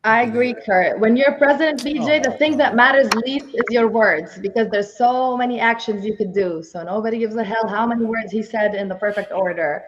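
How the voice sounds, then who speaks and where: A woman's voice: a little high, a little fast, hardly any pauses. A woman with a foreign accent, co-hosting a podcast and telling a story in casual chat with laughs. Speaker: podcast co-host. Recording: dull lo-fi sound.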